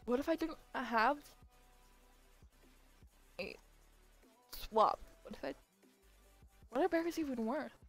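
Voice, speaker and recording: Giggly high-voiced young woman streamer. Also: slow pace, long pauses, soft background music. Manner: giggly, chatty, stumbles over words. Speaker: game streamer. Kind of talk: casual live-stream chat while gaming.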